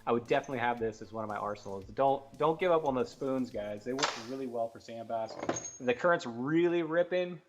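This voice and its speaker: A man co-hosting a fishing talk show, explaining gear and rigs in a fast, excited, casual way and laughing often. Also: mid-range voice, music in the background. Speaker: co-host giving fishing tips.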